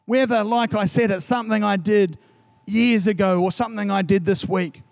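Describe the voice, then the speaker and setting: Earnest higher-voiced male pastor preaching. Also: fairly even intonation, normal speed, creaky, darkish tone, no echo. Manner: earnest, urging, repeats key phrases. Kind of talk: sermon and closing prayer.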